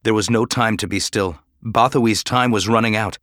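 A man giving measured, dramatic audiobook narration. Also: fairly low pitch, fairly even intonation, a bit bright, no room sound, studio quality.

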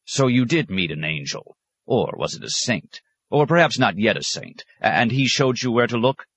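A man's voice: mid-range voice, sing-song, moderate pace, fairly bright tone, breathy edge, pitched above the performer's own voice, exaggerated voice. A man doing a sarcastic stern old abbot. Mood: scornful. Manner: mocking, cutting, sometimes roaring.

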